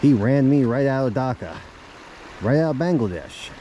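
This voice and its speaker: A man telling a rambling deadpan comic tall tale, halting often and restarting his sentences. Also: mid-range voice, dull audio, slight background noise. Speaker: storyteller.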